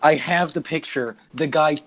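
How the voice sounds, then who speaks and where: A young man with a slightly high voice chats loosely on a podcast and laughs between his sentences. His talk is full of "bro" and "like". A faint hiss from his headset sits under the voice. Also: normal speed. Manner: laughs often, says "bro" and "like" a lot. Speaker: podcast co-host. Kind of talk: casual chat.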